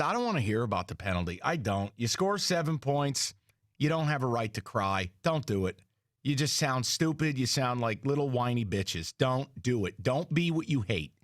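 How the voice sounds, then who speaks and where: A man's voice: mid-range voice, no echo, studio quality. A man hosting sports talk radio, ranting bluntly and heatedly with some profanity.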